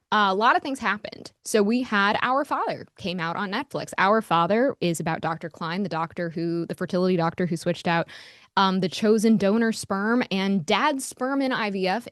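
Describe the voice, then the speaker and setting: A woman's voice: mid-range voice, fairly bright tone, no echo, studio quality. A young adult woman hosting a podcast, talking casually in a heated, frank way, swearing and using lots of "like". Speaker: podcast host. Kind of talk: casual monologue.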